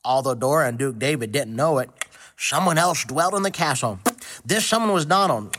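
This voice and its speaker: A man's voice: mid-range voice, expressive, normal speed, fairly bright tone. A man reading a children's story aloud with a playful, tongue-twisting delivery.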